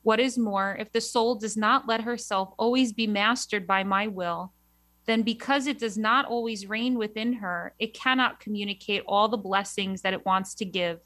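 A woman from New York, a religious sister, chatting with a laugh and then reading aloud in a measured devotional way. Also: medium pitch, a bit bright, dry recording.

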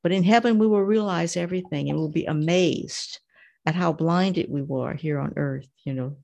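Devout woman with a gravelly voice. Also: low voice, moderate pace, lo-fi sound. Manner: devout, gentle, with frequent fillers like "you know". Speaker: prayer group leader. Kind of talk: reading and reflecting in a prayer group.

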